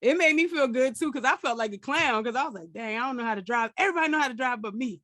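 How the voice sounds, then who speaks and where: A young woman with a New York accent hosting a casual interview, telling stories in an animated, slangy way and laughing often. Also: fairly high pitch, very fast, no echo, studio quality. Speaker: podcast host.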